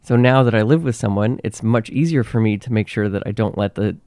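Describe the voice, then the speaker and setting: Man, sick, nasal voice, reflective solo podcast talk, lowish pitch, dry sound. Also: fairly quick, darkish tone, clear, resonant tone, dry recording. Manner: reflective, conversational. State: sick, under the weather. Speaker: podcast host.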